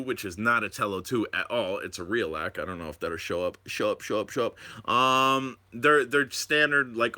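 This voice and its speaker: A man hosting a live stream at home, rambling excitedly and talking to his viewers about drones. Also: mid-range voice. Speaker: drone channel host.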